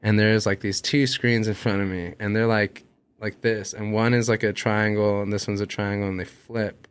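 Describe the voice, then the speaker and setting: A man's voice: lowish voice, flat delivery, normal speed, smooth. Laid-back man telling a rambling story. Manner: rambling, heavy on fillers and swearing. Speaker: musician guest. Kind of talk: casual storytelling.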